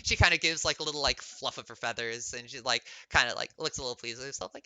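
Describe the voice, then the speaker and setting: A man's voice: medium pitch, fast, hardly any pauses, pushed and bright, no echo. A man narrating as game master in a loose, filler-heavy way.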